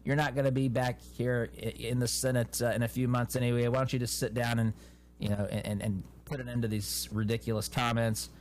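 Speaking at a medium pitch and a slightly quick clip, a man hosts a political commentary show. He reads news reports aloud, layers on animated, opinionated remarks, and often restarts his phrases.

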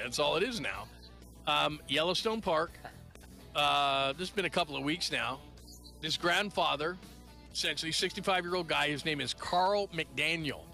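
Gravelly, bright-voiced radio host. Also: male voice, fairly high pitch. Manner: rambling, joking, loose asides. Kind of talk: late-night radio talk. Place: radio studio. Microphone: studio microphone.

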